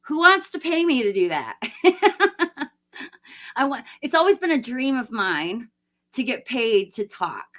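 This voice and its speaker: A woman's voice: high-pitched, big pitch swings, a little slow, a bit bright. A woman in her late forties chatting casually on a livestream, rambling and laughing often as she answers viewer comments. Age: 40s. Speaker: livestream host.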